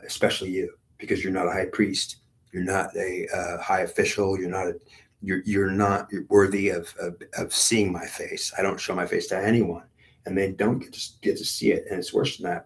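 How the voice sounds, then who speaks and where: A man telling a rambling spiritual story in a meandering, repetitive way, full of fillers and restarts. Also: deep voice.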